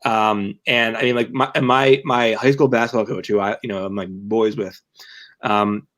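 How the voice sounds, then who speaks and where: A man's voice: lowish voice, fairly even intonation, moderate pace, fairly bright tone. A young man co-hosting a sports podcast, talking casually and rambling through many restarts and fillers. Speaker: podcast co-host and team writer.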